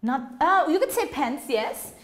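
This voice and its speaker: A woman teaching English in a classroom, with a high voice that rises and falls widely. She talks slowly and patiently, repeating words and questioning the students. The room is echoey, with faint noise behind her. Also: sing-song. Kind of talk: classroom language lesson.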